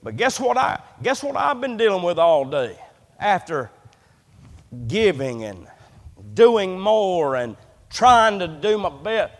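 Man, pastor, fiery sermon, high voice, long church-hall reverb, loud-soft swings. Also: big pitch swings, slow pace. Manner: impassioned preaching, repeats words, swings loud and soft. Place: church sanctuary.

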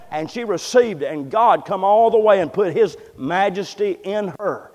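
A man preaching a sermon in a church, moving from hushed, low passages to loud, fervent ones. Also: lively intonation, normal speed, hardly any pauses, big-room sound. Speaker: pastor. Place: church sanctuary.

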